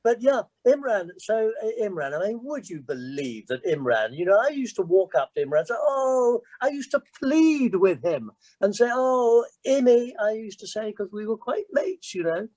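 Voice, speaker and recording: An older man in his sixties spins cricket yarns with a lively, swooping voice, slightly higher than most men. He is self-deprecating and chatty, and his pitch jumps whenever he quotes someone. The sound is dry and close, as on a video call. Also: normal speed, no room sound, low-quality recording. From England. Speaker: former county cricket captain, guest. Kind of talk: animated anecdotal storytelling.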